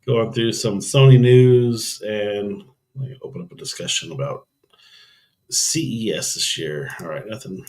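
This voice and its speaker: A man hosting a casual live stream, rambling through camera news and thinking aloud with frequent ums and restarts. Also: lowish voice.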